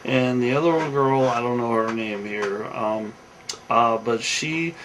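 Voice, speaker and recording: A weary man talks through a show recap in a loose, rambling way, stumbling over fillers and restarting his sentences. His voice sits at an ordinary pitch for a man. A faint hum of room ambience sits behind him. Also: slow pace. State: tired. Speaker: show commentator.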